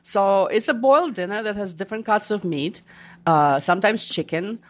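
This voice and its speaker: A woman's voice: medium pitch, normal speed. A woman, an author being interviewed, telling stories and acting out the voices of people she quotes. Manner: animated, acts out quoted voices. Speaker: guest author. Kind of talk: casual interview conversation.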